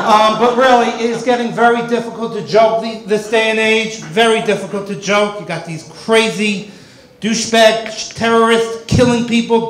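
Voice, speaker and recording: A man doing a stand-up comedy set in a club with wisecracking, deadpan delivery. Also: sits high, echoey room, slight background noise, low-quality recording.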